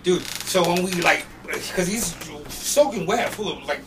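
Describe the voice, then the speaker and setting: A man telling stories in a casual, animated way, full of slang and swearing and getting loud when he acts out the scenes. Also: high voice, unhurried, far from the mic, a little hiss or hum. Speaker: podcast guest. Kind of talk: casual storytelling.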